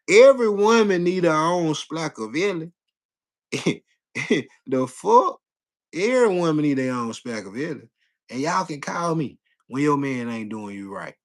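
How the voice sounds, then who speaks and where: A man's voice: a little high, animated, measured pace. Slangy, repetitive male stream host. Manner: loose, slangy, repeats phrases over and over. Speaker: livestream host. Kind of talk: casual live chat with viewers.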